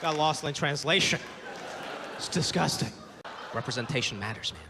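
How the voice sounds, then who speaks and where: On a comedy stage in front of a live crowd, a man performs a stand-up set, imitating his parents and other people. His voice is fairly high and his pace moderate, with crowd noise audible. The hall is live, carrying long reverb and audience sounds.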